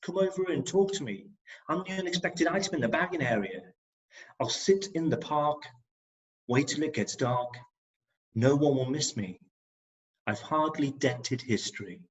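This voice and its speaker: A man's voice: a little high, expressive, normal speed, pauses often. A man with an English Midlands accent performs his rhyming poems on an online video call and talks between them with wry humour. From England. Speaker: performance poet. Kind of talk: spoken-word poetry reading with comic asides. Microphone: video call microphone. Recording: dull lo-fi video call audio.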